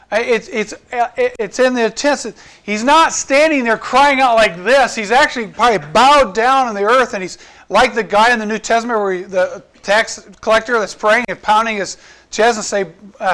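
A pastor with a strikingly high male voice, slightly bright and at normal speed, preaches a sermon. His delivery is earnest and conversational, and he stops to restart thoughts and pose questions to the congregation.

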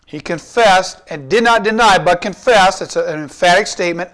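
A pastor preaching a conversational sermon, asking his listeners rhetorical questions and slowing down to stress key points. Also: high-pitched, fairly bright tone. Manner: asks the congregation rhetorical questions, slows down for emphasis.

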